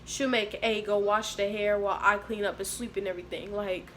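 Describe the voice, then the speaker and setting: A young adult woman telling a storytime vlog in an animated, slangy way, acting out what other people said. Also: mid-range voice, fairly quick, slight background noise. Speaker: vlogger.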